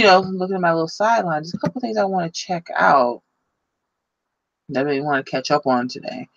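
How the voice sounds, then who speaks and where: A woman's voice: deep voice, no echo, highs cut off. A woman chatting on a live stream in a rambling, flustered way, often laughing at herself. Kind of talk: casual live-stream chat. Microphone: computer microphone.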